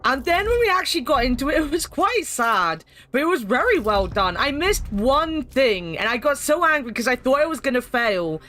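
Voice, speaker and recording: A woman's voice: high voice, sing-song, moderate pace, hardly any pauses, fairly bright tone. A young adult woman streaming a game, chatting casually with viewers and laughing often. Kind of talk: casual gaming commentary.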